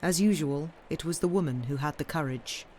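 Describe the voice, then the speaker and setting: A woman reading a sea story aloud in a measured way, now and then stumbling and correcting herself. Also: low voice, a little mellow, a little hiss or hum. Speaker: reader. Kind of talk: audiobook-style story reading, livestreamed.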